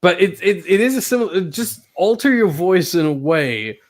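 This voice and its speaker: Guy hosting a podcast, kinda high voice, jokey and teasing, laughs a lot. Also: expressive, normal speed. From not British. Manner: playful, teasing, laughs often. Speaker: podcast host and sim racing commentator. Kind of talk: casual podcast chat.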